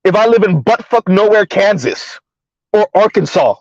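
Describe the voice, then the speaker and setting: A man's voice: high-pitched, animated, moderate pace, no room sound, lo-fi sound. A man hosting a live stream, ranting and mocking as he comments, often swearing and laughing.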